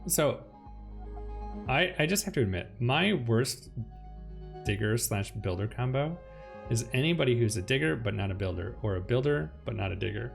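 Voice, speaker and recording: A man's voice: mid-range voice, normal speed, gravelly. Chatty man commenting over music. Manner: chatty, swings between calm planning and loud alarm. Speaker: let's play host. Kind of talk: casual gameplay commentary. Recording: music playing behind the voice.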